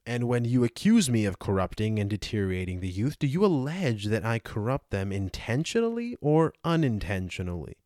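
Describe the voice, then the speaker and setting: A man's voice: medium pitch, sing-song, a little fast, hardly any pauses, darkish tone, no echo, clean studio sound, lightly acted. A man reading the part of an aged male philosopher, cross-examining with rhetorical questions, for a dramatized audiobook. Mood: questioning.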